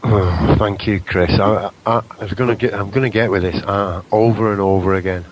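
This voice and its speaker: A man hosting a radio show, talking in a rambling, excitable, self-deprecating way close to his microphone. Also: fairly low pitch, fairly quick, very noisy. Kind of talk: casual radio chat.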